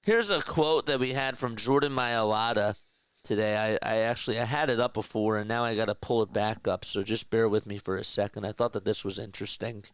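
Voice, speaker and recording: A man's voice: fairly low pitch, brisk, clear, resonant tone, no room sound. A man calling a game live as a play-by-play streamer, casually chatting with viewers between plays.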